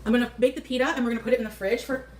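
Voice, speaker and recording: A chatty woman with a somewhat high voice talks her viewers through cooking at home. Faint noise sits behind her in the kitchen. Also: fairly even intonation, rapid-fire. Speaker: cooking vlogger. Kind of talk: casual cooking vlog.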